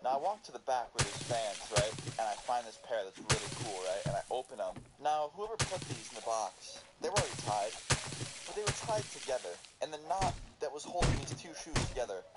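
A man casually telling a story over gameplay, animated and full of swearing. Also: medium pitch, a little fast, hardly any pauses. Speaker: gaming video host. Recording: loud background noise.

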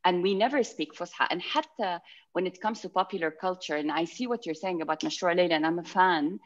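A woman's voice: on the low side, fast. A woman from Iraq, a panelist talking animatedly in a casual discussion over a video call, slipping Arabic phrases into her sentences. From Iraq, Mosul. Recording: dull video-call audio.

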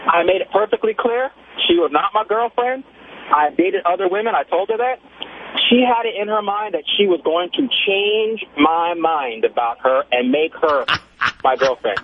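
High-voiced male caller on a tinny phone line. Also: moderate pace, a little hiss or hum. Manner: animated, chatty storyteller. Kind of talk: casual storytelling on a call-in show.

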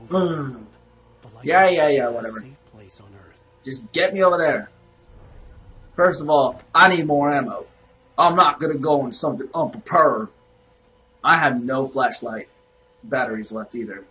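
A young man giving casual let's play commentary on a horror game, excitable and swearing, trash-talking the enemies with jokey running remarks and sudden yelps. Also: fairly high pitch. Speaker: gamer playing a horror game.

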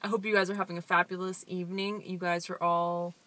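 A woman's voice: lowish voice, level tone, fast, a bit bright. A young woman vlogging in a car, chatting in a giggly, playful and hyper way. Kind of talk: casual chat to camera. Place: in a parked car.

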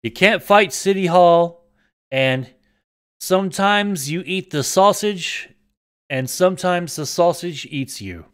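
A man streaming a game live, chatting casually, swearing often and snapping into sudden yells. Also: sits high, slow, smooth. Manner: excitable, swearing, prone to sudden yelling outbursts. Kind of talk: casual live-stream chat while gaming.

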